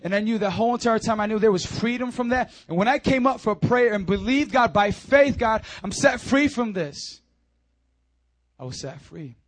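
A man pastor preaching a sermon, animated, swinging between loud urging and quiet, close talk, with repeated calls like "come on now.". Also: sits high, brisk, few pauses.

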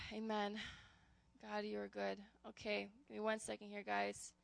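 A young woman giving a casual, earnest sermon, calling her listeners "guys" and speaking with animated conviction. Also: mid-range voice, unhurried, vocal fry, no room sound. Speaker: youth preacher.

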